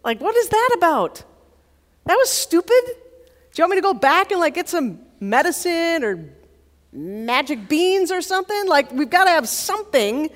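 A woman preacher voicing a blunt male friend who scoffs at his companion in quick, disbelieving questions, heard with long hall reverb. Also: extremely high pitch, very animated, pitched above the performer's own voice. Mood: incredulous. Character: skeptical male buddy, blunt and incredulous.

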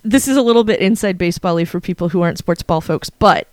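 A woman co-hosting a podcast, telling a story in a casual chat and acting out her own excited reactions. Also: lowish voice, fast, dry recording. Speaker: podcast co-host.

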